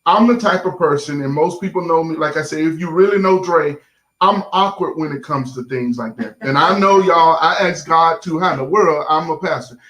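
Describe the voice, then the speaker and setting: A man's voice: fairly high pitch, moderate pace, a bit bright, reverberant, poor audio. A middle-aged man, a pastor hosting a talk show, speaking casually to viewers in a sermon-like way with plenty of fillers. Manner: folksy, addresses the audience as y'all, lots of fillers.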